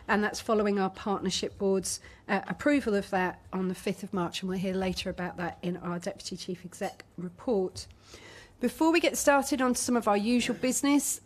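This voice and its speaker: A woman chairing a public board meeting in a meeting room, speaking in a measured, formal and welcoming way. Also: medium pitch.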